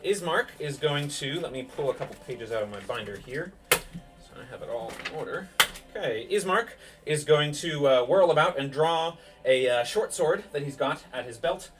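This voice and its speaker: A man's voice: a little high, lively intonation, normal speed, recorded from a distance, over music. A man running a tabletop game as game master, giving a vivid play-by-play of dice rolls and attacks.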